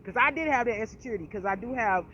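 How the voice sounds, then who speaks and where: A woman's voice: on the high side, expressive, very fast, bright, forceful tone. A woman vlogging to her viewers in a passionate, profane, emphatic rant, with a slight speech impediment. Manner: passionate, profane, emphatic, repeats "you feel me". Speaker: channel host. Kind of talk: casual direct-to-camera rant. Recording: slightly dull lo-fi audio with faint noise.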